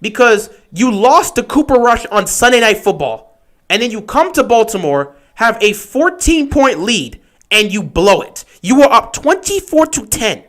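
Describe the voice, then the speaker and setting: A young man hosting a livestream, giving excitable play-by-play reactions to football games that swing from shouting to muttering. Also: extremely high pitch, a little slow. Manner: excitable, shouts at big plays then mutters. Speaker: livestream host. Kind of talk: live football watch-along commentary.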